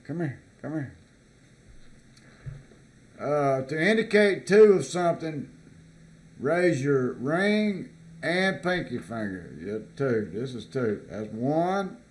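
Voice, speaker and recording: Very animated and fairly high-pitched, a man from the US works down a list in a laid-back vlog, his commentary halting and packed with filler words and repeats.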